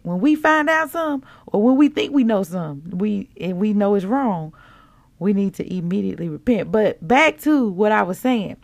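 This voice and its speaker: A woman's voice: on the high side, creaky, a little mellow, no room sound. A woman, hosting a devotional podcast in a playful, preachy way, talking straight to her listeners. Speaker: podcast host. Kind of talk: casual devotional podcast talk.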